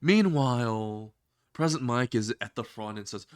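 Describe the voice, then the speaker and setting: A man's voice: mid-range voice, animated, normal speed, clear, resonant tone, no echo, studio quality. A man casually narrating a crude comedy story, laughing at his own jokes.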